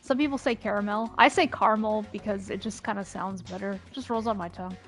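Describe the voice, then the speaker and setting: A woman's voice: mid-range voice, fast talker, faint music behind. Playful woman rambling on stream. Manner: rambling, lots of "like" fillers, playful. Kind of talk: casual stream chat.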